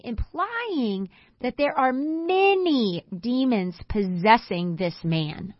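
A woman co-hosting a Bible discussion, an animated storyteller who acts out the quotes she tells. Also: fairly high pitch, a little slow, no room sound, lo-fi sound. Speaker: co-host.

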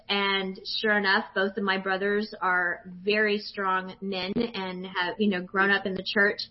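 A woman's voice: mid-range voice, unhurried, few pauses. Woman in her forties sharing her faith story. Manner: emotional, animated storytelling. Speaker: guest. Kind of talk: personal testimony. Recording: dull lo-fi sound.

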